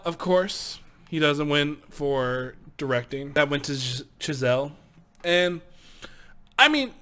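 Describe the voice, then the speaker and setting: A young man giving casual movie commentary in a vlog, excitable and swearing freely, laughing often. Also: a little high. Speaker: movie vlogger.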